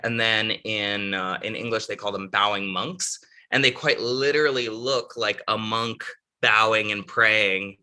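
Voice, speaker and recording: A man's voice: on the low side, a little slow, sharp tone. A man, an author and podcast guest, telling a travel story in a rambling, casual way with many restarts.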